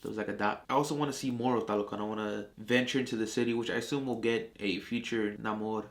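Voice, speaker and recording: A man's voice: lowish voice, fairly even intonation, quick pace, creaky. A man hosting a casual spoiler discussion, talking with enthusiasm and the odd swear word as he retells favorite scenes. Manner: acts out characters' lines when retelling scenes. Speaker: movie review host.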